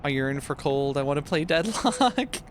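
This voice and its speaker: Playing a game on a live stream, a twentysomething man jokes around and reads viewer messages out loud over the game's rumbling truck engine. He talks at normal speed in a slightly high voice with lively intonation.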